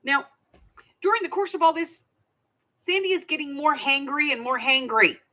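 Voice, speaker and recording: A woman's voice: sits high, animated, moderate pace, pushed and bright. An older woman hosting a craft channel, telling a rambling, chatty story with many asides. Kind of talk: casual storytelling vlog.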